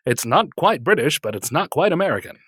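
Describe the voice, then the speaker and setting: A man's voice: fairly high pitch, sing-song, fairly quick, fairly bright tone, slightly rough, no echo, studio quality. A man hosting a podcast in casual chat, laughing often and trailing off into fillers. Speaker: podcast host.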